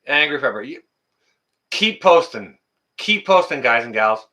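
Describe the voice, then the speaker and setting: A man's voice: mid-range voice, expressive, a little slow, pushed and bright. A man hosting a casual livestream, talking to viewers in the chat by name and ranting indignantly, often repeating his phrases. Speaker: livestream host.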